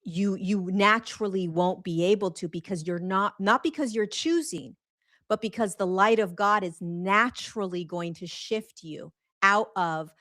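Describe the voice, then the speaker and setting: A woman hosting a live spiritual talk show, speaking earnestly and emphatically, repeating phrases for stress and slowing right down on key words. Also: mid-range voice, fairly bright tone. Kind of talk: live-streamed spiritual monologue.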